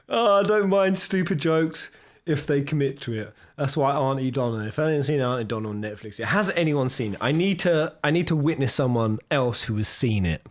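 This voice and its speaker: A man's voice: mid-range voice, animated, brisk. A man streaming a game, reacting with chatty asides and frequent laughter. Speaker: let's play streamer. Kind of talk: reaction commentary.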